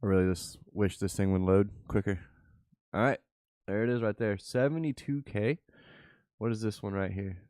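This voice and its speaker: A man's voice: on the low side, moderate pace, a little mellow, no room sound. A man hosting a channel, casually talking through his trades live and muttering offhand remarks to himself. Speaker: channel host and crypto trader. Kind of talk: casual live commentary while trading.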